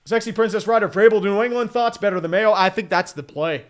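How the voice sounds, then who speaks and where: A high-pitched man in his thirties calls the game play by play as a fan streamer, swearing freely. He sounds exasperated and slips into sarcasm between plays. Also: fast talker. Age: 30s. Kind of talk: live fan play-by-play commentary.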